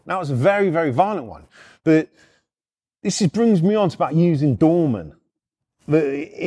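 A middle-aged man spins a rough anecdote, swearing freely and rambling. His voice is husky and fairly high, and it leaps around animatedly. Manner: profane, rambling, lively storytelling. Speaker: storyteller. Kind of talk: casual anecdote.

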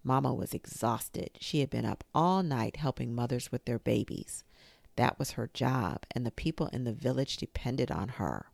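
A woman reading a children's storybook aloud in a slow, expressive manner. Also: extremely low pitch, gravelly, dry recording. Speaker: narrator.

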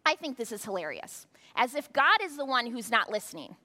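A woman's voice: fairly high pitch, sing-song, a little fast, hardly any pauses, sharp tone. A woman pastor giving a sermon, talking conversationally with rhetorical asides to the congregation. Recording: long hall reverb.

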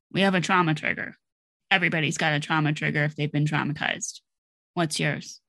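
A woman's voice: fairly low pitch, fairly bright tone, no echo. A middle-aged woman hosting her own podcast, telling a personal story in a blunt, candid way and swearing freely. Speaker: podcast host. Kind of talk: personal monologue.

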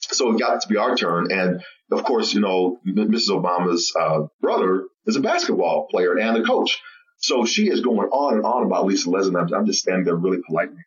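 A man guesting on a podcast, telling a story with animated, laughing delivery. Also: deep voice, fairly quick, recorded from a distance, muffled recording. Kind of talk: storytelling interview chat.

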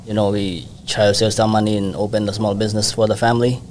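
Relaxed lower-voiced man. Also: quick pace, a little hiss or hum. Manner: simple non-native English, relaxed and friendly. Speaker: donut shop owner. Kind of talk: casual interview.

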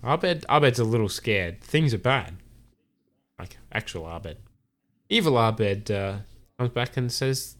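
A man's voice: medium pitch, expressive, takes it slowly, fairly bright tone. A man hosting a podcast, casually recapping an episode, with frequent "uh"s and quoted lines. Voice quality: filler-heavy recap with acted quotes. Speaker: podcast host.

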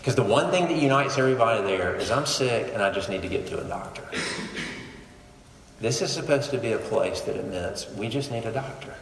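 A man preaching a sermon in a conversational, animated way, with sudden quiet drops. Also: mid-range voice, a little fast, gravelly. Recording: echoey hall, faint room noise.

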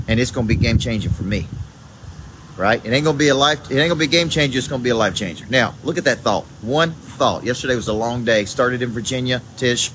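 A man with a Southern accent, a motivational coach giving an energetic live morning talk to viewers, repeating key phrases and greeting people by name. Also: mid-range voice. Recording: loud background noise.

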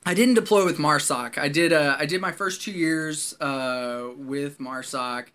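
A man, a former Marine, telling a story in casual chat, animated and profane, often laughing as he talks. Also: a little high, unhurried.

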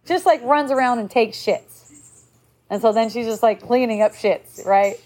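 A woman's voice: on the high side, moderate pace, darkish tone. A woman giving a casual spiritual talk, loose and conversational, with frequent fillers and blunt swearing.

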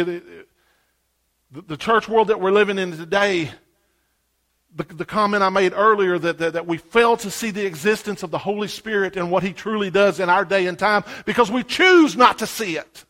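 A man preaching a sermon, telling a story with animated swings from hushed asides to loud exclamations. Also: high voice, moderate pace.

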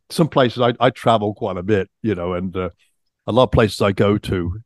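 A man's voice: lowish voice, dry recording. Easygoing middle-aged English man, dry sound. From England. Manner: easygoing, chatty, self-deprecating. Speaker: podcast co-host. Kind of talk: casual chat.

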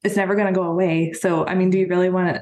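A woman's voice: lowish voice, level tone, fast. Earnest woman in an echoey room. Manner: soft-spoken, earnest, many fillers. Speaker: guest. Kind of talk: personal conversation. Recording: roomy echo.

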